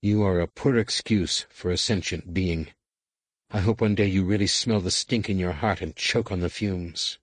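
A man's voice: medium pitch, expressive, normal speed, no room sound, natural voice. Fierce young Jedi woman, read by a man. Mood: angry. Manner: sharp and cutting.

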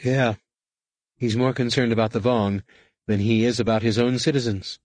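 A man's voice: medium pitch, fairly even intonation, normal speed, no echo, natural voice. Fierce young Jedi woman, read by a man. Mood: angry. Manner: sharp and cutting.

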